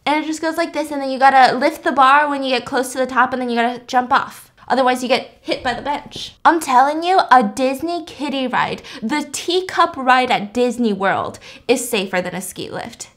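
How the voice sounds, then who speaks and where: A young woman with a notably high voice tells a story on her podcast. She is chatty and animated, walking the listener through every step as if sketching it in the air. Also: normal speed, few pauses. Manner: animated, chatty, explains with gestures. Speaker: podcast host. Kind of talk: casual storytelling, recapping a movie.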